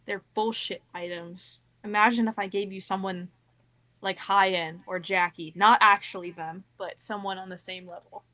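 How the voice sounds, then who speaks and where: A woman playing a tabletop game, talking quietly and curtly in character. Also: medium pitch, steady tone, normal speed. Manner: quiet, curt, speaking in character. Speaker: player.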